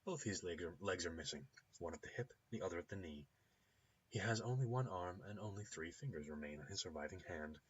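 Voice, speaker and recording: A man hosting a let's play and reading out the game's narration. His voice is low, bright and slightly husky, with a lively pitch. The recording sounds a little dull and lo-fi. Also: a little fast. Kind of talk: reading game text aloud.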